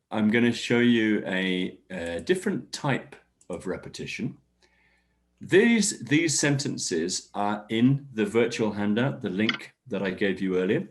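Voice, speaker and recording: A man leads an online English class over a video call. His voice sits fairly low, but his intonation swings widely as he models stressed sentences. He encourages each learner by name. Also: expressive, measured pace. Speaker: English workshop teacher.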